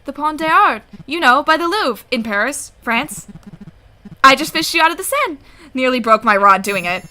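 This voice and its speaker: A woman's voice: high-pitched, expressive, normal speed, bright, forceful tone. A woman voicing an easygoing, chatty male fisherman while she reads a game aloud. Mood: friendly. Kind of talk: game voice-over reading.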